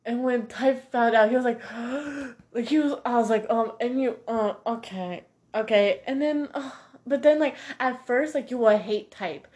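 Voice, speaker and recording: Young woman vlogger, animated, gossipy, sassy, slightly high voice. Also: a little slow. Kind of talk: casual chat reviewing a series.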